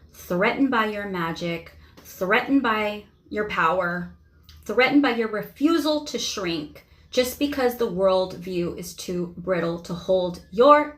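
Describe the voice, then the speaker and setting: A woman vlogger giving impassioned spoken commentary, emphatic and driving points home with sermon-like repetition. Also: medium pitch.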